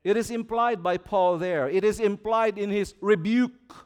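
A man's voice: sits high, clear, resonant tone. A male pastor preaching a sermon, asking the congregation to repeat words back and swelling and dropping his voice for emphasis. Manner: slow, swelling preacher delivery with call-and-response.

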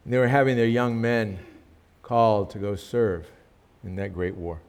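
A man's voice: fairly low pitch, normal speed, darkish tone, clear, resonant tone. A male pastor praying earnestly and then telling a story in a sermon, with emphatic rises in his delivery.

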